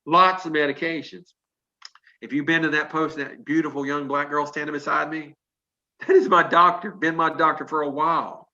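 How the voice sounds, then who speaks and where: A man's voice: on the high side, fairly even intonation, moderate pace, sharp tone, lo-fi sound. A man in his sixties giving an emphatic, preachy motivational pep talk to a sales team over a video call, with folksy storytelling.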